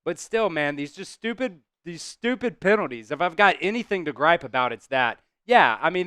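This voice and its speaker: A man hosting a live stream, calling plays casually, reacting loudly, swearing and talking to his chat. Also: on the high side, normal speed, few pauses, clear, resonant tone, dry recording, clean studio sound. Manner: excitable, swears, talks to chat. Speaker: host doing live play-by-play.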